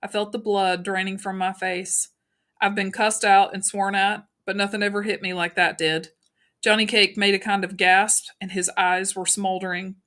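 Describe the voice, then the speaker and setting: Woman reading in a level, flat tone. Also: mid-range voice. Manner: even, unhurried reading with small slips. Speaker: audiobook narrator. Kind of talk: reading a novel aloud.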